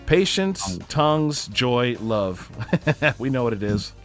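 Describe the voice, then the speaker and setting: Animated male livestream co-host. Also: mid-range voice, a little slow, soft background music. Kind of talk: casual chat.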